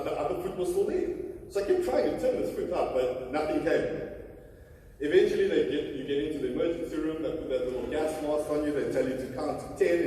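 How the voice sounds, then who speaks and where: A South African man in his thirties, a motivational speaker telling a humorous personal story to a conference audience, often turning to the crowd with "okay?" and "ladies and gentlemen". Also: mid-range voice, slight background noise. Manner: animated, humorous, addresses audience directly. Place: large conference hall. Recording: roomy hall from far off.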